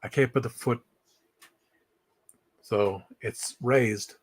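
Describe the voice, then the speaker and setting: A man's voice: medium pitch, takes it slowly, husky, dry recording. A man vlogging from home, rambling and thinking aloud, recorded by a camera set at some distance. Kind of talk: casual vlog monologue.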